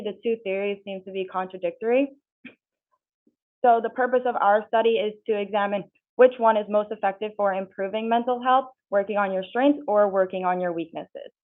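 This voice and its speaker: A young woman, a student, giving a research presentation and reading steadily through her methods and figures. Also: medium pitch. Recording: tinny, phone-like sound.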